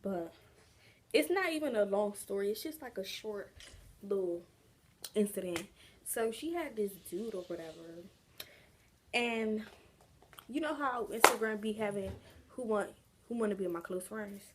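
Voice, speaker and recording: A woman's voice: medium pitch, expressive, measured pace, long pauses, fairly bright tone, a little hiss or hum. A young adult woman telling a casual storytime vlog, chatty and slangy, drawing the story out. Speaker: vlogger.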